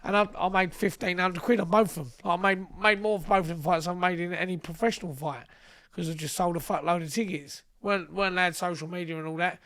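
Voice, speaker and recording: A young man tells stories in a loose, casual chat. His voice sits high, and he swears freely as he acts out both sides of each exchange. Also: fairly even intonation, fast, few pauses, fairly bright tone. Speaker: podcast guest. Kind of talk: casual storytelling.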